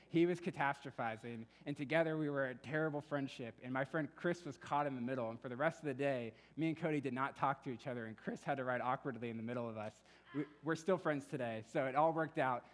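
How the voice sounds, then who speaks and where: A young man preaching a sermon in a relaxed, conversational way, telling stories and acting out quoted voices. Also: on the high side. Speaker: pastor. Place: church hall. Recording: long reverb of a church hall.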